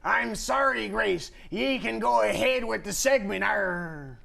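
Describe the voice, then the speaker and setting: A man doing a gravelly rowdy pirate. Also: high voice, slow, heavily acted. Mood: gruff pirate. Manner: excitable, shouts pirate slang. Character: boisterous male pirate, growling "arr". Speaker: co-host. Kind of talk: scripted student comedy sketch.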